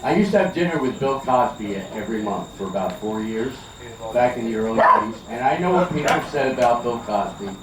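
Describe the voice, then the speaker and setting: A man's voice: medium pitch, expressive, brisk. An older man from Philadelphia doing chatty stand-up comedy at an outdoor backyard party, teasing the crowd. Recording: echoey, distant, noisy outdoor party recording.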